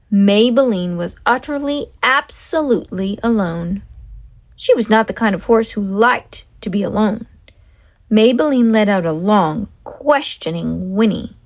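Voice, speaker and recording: Slow, expressive woman storyteller. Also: mid-range voice. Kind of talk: children's read-aloud narration.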